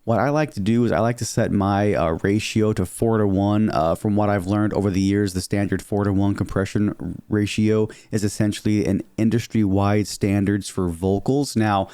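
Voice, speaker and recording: A man talking casually through his microphone settings, full of fillers and little check-ins, with a low, slightly muddy voice. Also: steady tone, moderate pace, warm tone, clean tone, no room sound. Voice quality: lower register, somewhat muddy midtones. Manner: chatty, filler-heavy, keeps saying "okay?" and "here". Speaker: streamer explaining audio settings. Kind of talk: casual tutorial. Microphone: dynamic studio mic, close.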